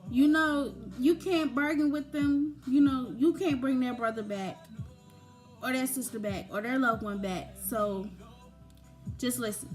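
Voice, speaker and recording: A young woman giving informal, conversational advice about grief, with frequent fillers. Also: high-pitched. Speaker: grief talk presenter. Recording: faint background music.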